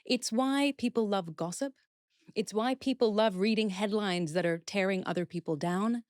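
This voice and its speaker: A woman's voice: medium pitch, moderate pace, darkish tone, no room sound, studio quality. A woman speaking as a guest expert in a podcast interview, explaining steps earnestly and acting out example phrases.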